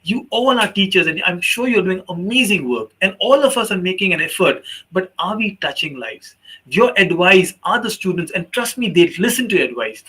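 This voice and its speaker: A man's voice: sits high, normal speed, breathy edge, rough recording. A man giving a teachers' workshop talk as a trainer, telling a long story and acting out the voices of the people in it. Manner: animated storyteller, acts out quoted voices.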